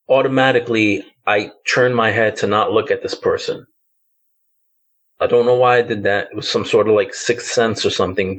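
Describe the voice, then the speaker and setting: A somewhat low-voiced man around fifty, from the Bronx, talks through a haunting memory as a podcast guest. He tells it casually and haltingly, stacking fillers as he feels for the right words. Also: fairly bright tone, rough recording. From the Bronx, New York. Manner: loose, hesitant storytelling with many fillers like "like" and "um". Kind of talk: telling a personal ghost story.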